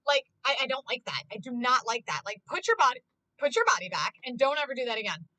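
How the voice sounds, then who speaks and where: A passionate woman ranting on a live stream, full of swearing and "like". Her voice sits high and bright and swoops about with big energy, with a dry sound. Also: fast talker, no echo, low-quality recording. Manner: excitable, swears a lot, heavy use of "like". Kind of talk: casual live-stream chat.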